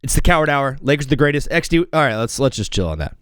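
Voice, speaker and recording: A young man hosting a casual sports talk show, joking and shifting quickly between loud outbursts and mumbled asides. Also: medium pitch, expressive, dry recording, clean studio sound. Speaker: host.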